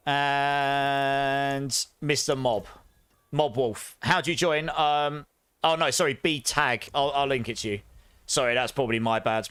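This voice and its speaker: A man's voice: medium pitch, a bit bright, clear, resonant tone, no echo. Chatty man streaming a game. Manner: chatty, upbeat, announcing giveaway winners. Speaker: streamer host. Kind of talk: live game stream chat.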